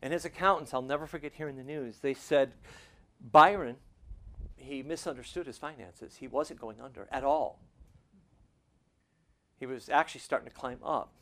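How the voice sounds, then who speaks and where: Preaching to a congregation, this pastor alternates hushed, intimate stretches with loud, fervent ones and closes with a prayer. He speaks in a mid-range voice at normal speed, leaving long pauses.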